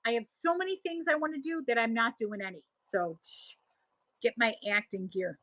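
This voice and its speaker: A middle-aged woman with a Buffalo accent chats through viewer comments on her live stream. Her voice sits a little high, and she rambles and restarts as she goes. The sound is close and dry, with no room echo. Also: sing-song, normal speed, fairly bright tone. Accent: Buffalo, New York. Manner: chatty, reads viewer comments aloud and answers them; rambling, often trails off and restarts. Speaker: livestream seller host.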